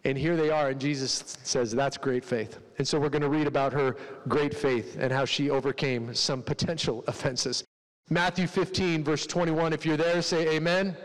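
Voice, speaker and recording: A man's voice: a little high, fairly even intonation, moderate pace, big-room sound, rough recording. A male pastor preaching a casual sermon, joking with the congregation and acting out quoted voices.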